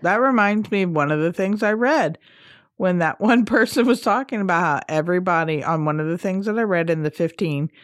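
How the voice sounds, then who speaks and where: Woman co-host, lowish voice, blunt and salty, dry close recording. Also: a little fast, dry recording. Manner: blunt, swears freely. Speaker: podcast co-host. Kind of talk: casual chat.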